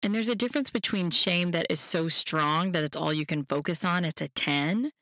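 Podcast host, self-help talk, gentle, reassuring, talks straight to the listener, mid pitch. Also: normal speed, no echo, clean studio sound.

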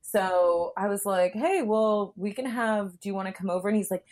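A young woman, a guest, tells a story in casual, frank conversation, using plenty of fillers and acting out what people said. Her voice is medium-pitched, slightly mellow, and at a normal speed.

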